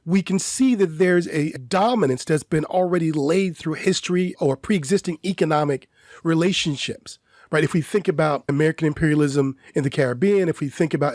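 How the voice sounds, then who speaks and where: A podcast co-host with a slightly high, darkish voice speaks close to a dry microphone with no echo. Measured and lecturing, he builds his argument through chains of questions in an academic-discussion style.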